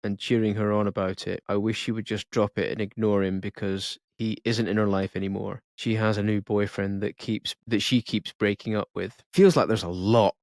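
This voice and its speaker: Low-voiced man reading confessions aloud. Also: little pitch movement, normal speed, few pauses, darkish tone, no echo, clean studio sound. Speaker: podcast co-host reading listener confessions. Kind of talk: reading a letter aloud on a podcast.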